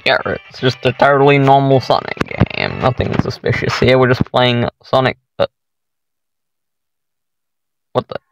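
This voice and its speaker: A man's voice: medium pitch, lively intonation, measured pace, gravelly, long pauses, dull audio, background noise. A man playing a horror game for his channel, reacting to each scare with startled exclamations and talking to his viewers. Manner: jumpy, exclaiming at every scare, talks to viewers as guys. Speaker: gaming YouTuber. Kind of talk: horror game let's play commentary.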